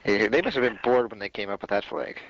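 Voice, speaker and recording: A man's voice: on the low side, quick pace, dry recording. Opinionated male podcast co-host. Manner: opinionated, rambling storytelling. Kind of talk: casual wrestling chat. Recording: dull lo-fi podcast audio.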